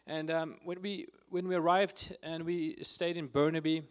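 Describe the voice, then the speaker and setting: A fairly high-voiced man speaks earnestly to a prayer gathering, telling his story in an informal, heartfelt way. He sounds close to tears at times and fills his pauses with hesitations. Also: level tone, clean tone. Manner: earnest, emotional, with frequent fillers. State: tearful at times.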